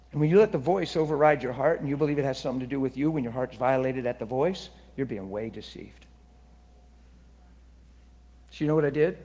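A man preaching with a husky, somewhat high voice, telling his testimony. He slips from hushed, confiding passages into loud, excited bursts. A long reverb trails every phrase as if in a big hall. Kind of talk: sermon testimony.

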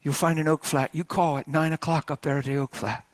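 A man voicing God as a calm male voice giving quiet, firm instructions. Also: a little high, brisk, voice pushed down, lightly acted. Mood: instructing.

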